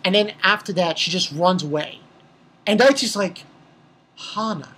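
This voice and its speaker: A woman's voice: fairly low pitch, expressive, moderate pace, fairly bright tone, breathy edge. A woman giving a casual, rambling recap of an anime episode, swearing freely and restarting her sentences often. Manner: rambling and profane, with many restarts.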